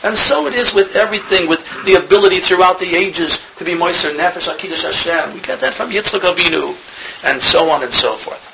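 A man's voice: sits high, a little fast, gravelly. A man giving a religious lecture as a rabbi, an earnest storyteller who grows more emphatic as he goes. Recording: noisy recording with clicks.

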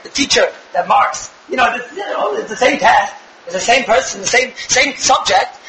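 A young man giving an animated religious lecture to a live audience, firing rhetorical questions with bursts of shouting. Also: sits high, roomy sound, a little hiss or hum, poor audio. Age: young adult. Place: room with an audience.

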